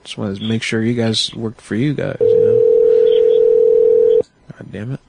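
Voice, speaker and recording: A man's voice: lowish voice, steady tone, takes it slowly, creaky, dull audio, heavy background noise. Sick, profane talk radio host man. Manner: profane, rambling storyteller. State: sick, congested. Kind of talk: casual talk radio chat.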